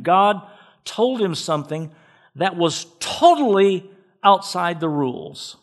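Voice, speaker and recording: Male pastor, emphatic sermon delivery, somewhat high-pitched voice, repeats words for weight. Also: expressive, slow pace. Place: church.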